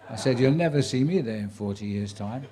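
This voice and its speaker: A sports commentator in his seventies entertains a live audience with anecdotes from his career. His mid-range voice is dark-toned, animated and fairly quick, and he acts out quoted voices in the manner of a chatty, dry-witted raconteur.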